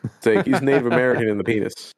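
Casting: male podcast host, mid-pitch, profane banter with friends. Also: steady tone, fast talker, rough recording. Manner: profane, joking, ribbing friends. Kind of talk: casual chat.

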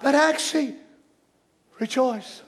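A man preaching a folksy sermon that often rises into shouting. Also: very high-pitched, slow.

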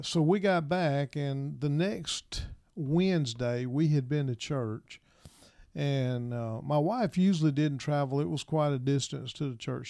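A middle-aged man and minister, telling his personal story in an interview in a soft, halting way, with many pauses and restarts. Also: mid-range voice, smooth, no echo, clean studio sound.

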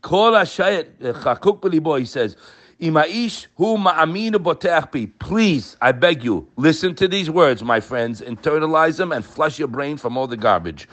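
High, animated older male preacher. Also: measured pace. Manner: impassioned, emphatic, fond of rhetorical questions. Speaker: religious teacher. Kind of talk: sermon.

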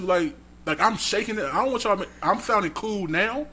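A man's voice: high-pitched, a little fast, hardly any pauses, slight background noise. A man on a podcast, casually telling a story and acting out the voices of the people in it. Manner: animated storyteller, acts out voices. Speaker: podcast co-host.

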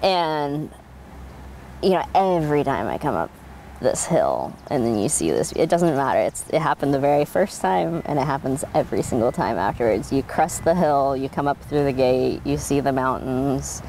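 Woman, 30s, from Oregon, interviewee, low voice, animated storyteller. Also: moderate pace, slight background noise. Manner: animated, laughs often, many fillers. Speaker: interviewee, winemaker. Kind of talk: oral history interview, casual storytelling.

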